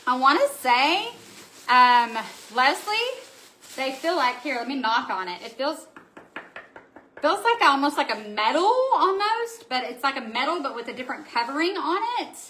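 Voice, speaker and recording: A bubbly woman hosts a live craft stream, gushing over new supplies and talking straight to her viewers. Her voice is bright and sits a little high. She keeps it chatty and excitable throughout. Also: normal speed, a little hiss or hum, low-quality recording. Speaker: craft shop owner. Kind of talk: live stream product showing.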